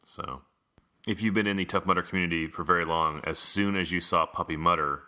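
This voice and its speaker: A man's voice: low-pitched, fairly even intonation, a little fast, sharp tone. A man hosting a podcast, giving a casual, wry, matter-of-fact news rundown. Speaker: podcast host.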